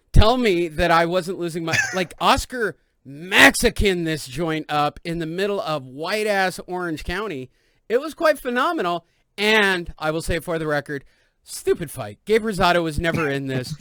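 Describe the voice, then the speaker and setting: A man from East Los Angeles hosting a boxing podcast, joking and telling animated stories in casual chat. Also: sits high, no echo. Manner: loud, joking, animated storytelling. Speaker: podcast host.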